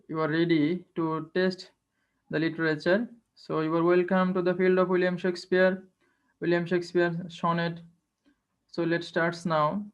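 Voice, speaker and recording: A teacher giving an online lecture, explaining step by step and repeating key phrases. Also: mid-range voice. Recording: dull lo-fi online class recording.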